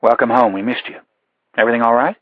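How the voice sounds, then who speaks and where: A man's voice: medium pitch, fairly even intonation, no room sound, phone-quality sound, close to an everyday voice. A man playing a sarcastic, irritable boss. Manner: sarcastic, brisk.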